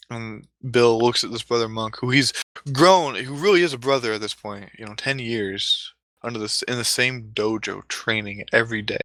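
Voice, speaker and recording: A man's voice: mid-range voice, normal speed, a bit bright, no echo, poor audio. A man narrating a mock-epic comedic story in a rambling, mock-solemn way, often correcting himself.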